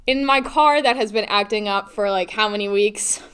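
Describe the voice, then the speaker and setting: A teenage girl co-hosting a school podcast, telling a story in a casual, animated way with many fillers and giggles. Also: medium pitch, moderate pace, clean tone. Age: teens. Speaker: podcast co-host.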